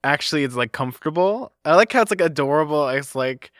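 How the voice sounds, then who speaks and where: A man's voice: a little high, animated, quick pace, fairly bright tone, no echo, clean studio sound. A man co-hosting a podcast in casual chat, talking loosely with lots of "like" fillers. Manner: filler-heavy, chatty with lots of "like". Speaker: podcast co-host.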